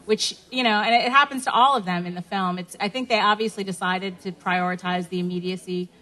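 A woman co-hosting a live podcast taping, chatting quickly and enthusiastically and laughing often. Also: mid-range voice, fairly even intonation, bright, forceful tone, low-quality recording. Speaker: podcast co-host. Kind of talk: live podcast panel chat.

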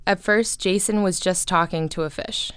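A woman giving calm, measured scripted documentary narration. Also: on the low side, smooth, dry recording, studio quality.

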